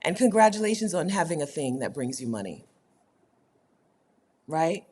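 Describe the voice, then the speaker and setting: Low-voiced, lively woman host chatting. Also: normal speed, slight background noise. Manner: chatty, laughs often, talks straight to viewers. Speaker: host of a livestream for her community. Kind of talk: casual livestream chat, reading viewer comments.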